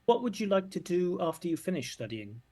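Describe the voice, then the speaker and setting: A man's voice: high-pitched, sing-song, a little fast, mellow. A man giving frank, corrective feedback as a language examiner. He picks apart a recorded answer line by line. He hums the rhythm of sentences to show intonation. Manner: frank, corrective, demonstrates intonation with hummed syllables.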